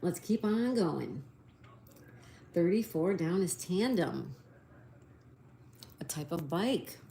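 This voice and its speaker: Woman doing a chill stream, spells stuff out slow, soft low voice, bit of hiss behind. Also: expressive, vocal fry. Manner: slow, spells answers letter by letter and reads out viewer comments. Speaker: live-stream host. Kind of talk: casual live-stream chat.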